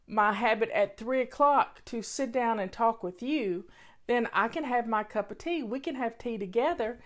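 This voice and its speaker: A woman talking casually to her viewers at home over afternoon tea, earnest and repeating her points for emphasis. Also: on the high side. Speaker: vlogger. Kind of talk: casual talk to camera.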